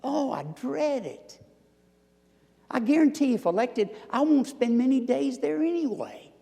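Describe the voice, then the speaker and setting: Man in his 60s, Southern accent, gravelly, mellow tone, long hall reverb. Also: very high-pitched, animated, unhurried. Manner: storytelling, swings from loud emphasis to near-whispers. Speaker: guest lecturer. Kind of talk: public lecture answering audience. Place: lecture hall.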